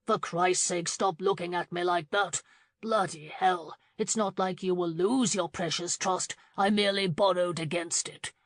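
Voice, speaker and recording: A man's voice: high voice, fairly even intonation, measured pace, no room sound. A woman doing a bellowing greedy old uncle. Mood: gruff. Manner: loud, bellowing and defensive. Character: corpulent blustering middle-aged uncle, greedy and gruff. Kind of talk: audiobook character reading.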